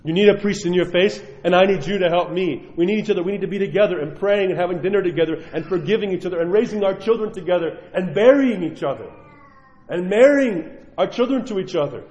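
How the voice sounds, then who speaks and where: A man, a priest, preaching a sermon to his congregation, earnest and pleading, swinging between loud emphasis and soft asides. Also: high voice, fast. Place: church. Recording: echoey church hall, dull sound.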